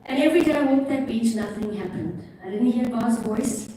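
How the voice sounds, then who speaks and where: A woman with an Irish accent, a guest preacher giving a sermon in a church, telling a story in a chatty, animated way with self-mocking asides. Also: fairly high pitch, a little fast. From Ireland. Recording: echoey church from a distance, faint noise.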